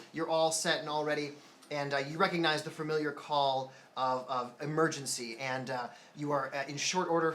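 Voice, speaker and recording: Bright-voiced man narrating a tabletop game. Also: fairly high pitch, slight background noise. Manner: steady, descriptive, with many fillers. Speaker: game master.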